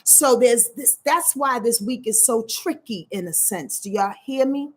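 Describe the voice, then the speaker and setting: Animated slangy woman talking astrology. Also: a little high, a little slow. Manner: animated, slangy, laughs often, clears throat. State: sore back. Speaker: astrology channel host. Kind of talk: casual livestream astrology talk.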